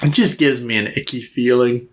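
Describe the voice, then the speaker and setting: A man's voice: medium pitch, steady tone, normal speed. A man co-hosting a podcast, chatting casually and acting out character lines in exaggerated voices. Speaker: podcast co-host. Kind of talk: casual chat about anime.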